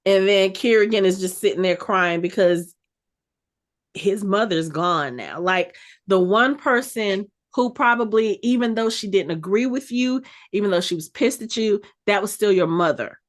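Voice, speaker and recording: Woman, podcast host, casual recap, animated storyteller, mid-pitched voice. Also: normal speed. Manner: animated storytelling, acts out quotes.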